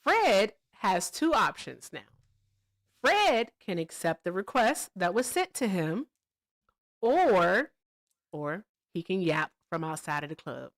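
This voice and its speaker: A woman hosting a casual livestream, talking to her chat with lively sarcasm and frequent laughter. Her voice sits in a middle pitch. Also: takes it slowly, dry recording, clean studio sound. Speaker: livestream host.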